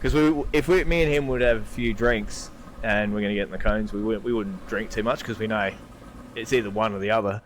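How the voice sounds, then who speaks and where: A man's voice: on the low side, brisk. Man, Australian accent, casual podcast storytelling, swears a lot, laughs often, faint background noise. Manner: swears a lot, laughs through his stories. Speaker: podcast co-host.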